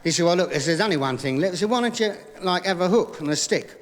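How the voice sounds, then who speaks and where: A man doing stand-up comedy, telling joke after joke in a brisk patter full of "he said", recorded live on stage. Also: high-pitched, animated. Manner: rapid gag patter with repeated "he said". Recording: live vinyl recording in a hall with audience laughter.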